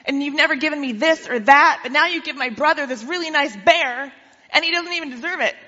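Picture a woman putting on an older brother who grumbles with indignant resentment. The voice sits bright and fairly high, and the slightly dull recording carries a long hall reverb. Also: fairly quick. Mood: resentful. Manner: complaining, indignant.

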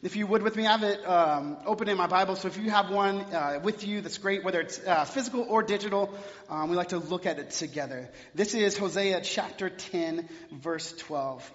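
A man's voice: high-pitched, brisk, fairly bright tone. A man preaching a sermon in a church, telling stories in a chatty, filler-heavy way. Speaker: pastor. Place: church sanctuary. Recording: long reverb, dull lo-fi sound.

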